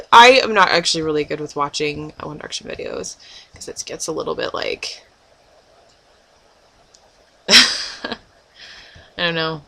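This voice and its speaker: A young woman talks straight to camera in an excited, rambling vlog, laughing often and breaking into sudden squeals. Her voice sits a little low but sounds bright and forceful. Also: creaky, low-quality recording. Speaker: vlogger.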